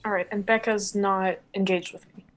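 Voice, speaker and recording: A woman's voice: medium pitch, level tone, normal speed. A British woman with a mid-range voice takes her turn in a tabletop game. She thinks aloud and checks distances with the dungeon master before she acts. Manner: thinking aloud, asking questions. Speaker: player. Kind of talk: casual tabletop play.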